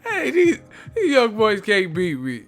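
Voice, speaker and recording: A man's voice: high voice, wildly swooping pitch, unhurried, a bit bright, soft background music. Laughing, profane male livestream host. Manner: profane, laughing, mocking chat. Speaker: boxing live stream host. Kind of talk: casual livestream chat.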